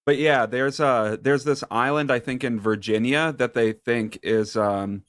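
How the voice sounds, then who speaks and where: A man co-hosting a podcast, chatting casually with dry, relaxed joking. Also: medium pitch, a little slow, dry recording. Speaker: podcast co-host.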